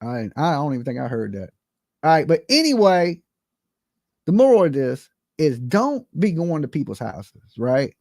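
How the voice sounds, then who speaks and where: A man hosting a casual call-in stream, talking bluntly in slang and cursing, jumping from high exclaims to low mutters. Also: very animated, normal speed, a little mellow, no room sound. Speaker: livestream host. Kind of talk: casual call-in chat and commentary.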